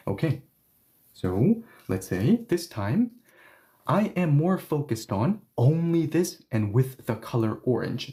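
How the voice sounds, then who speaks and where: A man teaching Korean grammar in a live stream, explaining step by step and checking in often with his viewers. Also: mid-range voice. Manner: lively explainer who checks in with listeners.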